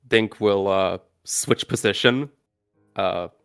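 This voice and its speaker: A man's voice: fairly low pitch, takes it slowly, vocal fry, clear, resonant tone, faint music behind. A man playing a tabletop game, eagerly declaring his character's actions. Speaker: player.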